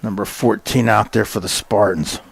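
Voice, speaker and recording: A man doing casual, folksy play-by-play for a high school soccer game, chatty with plenty of fillers and quickening when a shot comes. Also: fairly even intonation, gravelly, husky. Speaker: play-by-play announcer. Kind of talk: casual sports commentary.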